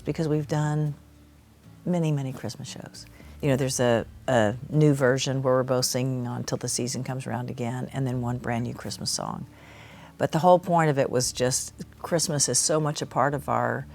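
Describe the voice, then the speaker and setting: A woman's voice: sits low, darkish tone. A middle-aged woman answering interview questions in long, thoughtful sentences. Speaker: singer, interview guest.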